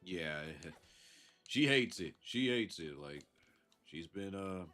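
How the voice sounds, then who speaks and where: Deep-voiced laid-back Southern man streaming. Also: expressive, takes it slowly, fairly bright tone, soft background music. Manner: laid-back, chuckles often, thanks chatters. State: congested from a sinus infection. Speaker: live streamer. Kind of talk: casual live-stream chat.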